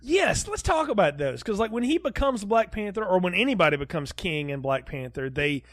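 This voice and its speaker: A man with a notably high voice, recorded close and dry with no room sound. He chats casually as a podcast co-host reviewing a film, animated, laughing often and slipping into quick quoted asides. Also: no room sound.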